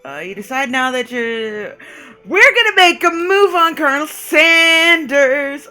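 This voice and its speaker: Bright-voiced woman streamer ranting. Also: sits high, expressive, a little slow, soft background music. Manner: reads game narration aloud, then rants and swears in frustration. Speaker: game streamer. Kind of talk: live gameplay commentary.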